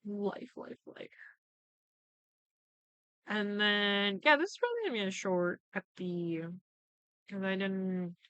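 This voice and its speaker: A woman's voice: mid-range voice, slow, long pauses, fairly bright tone, clear, resonant tone, no echo, dull audio. A young woman hosting a podcast, chatting casually and animatedly, swearing freely and acting out the characters' lines as she recaps. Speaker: podcast host. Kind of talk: casual chat recapping shows.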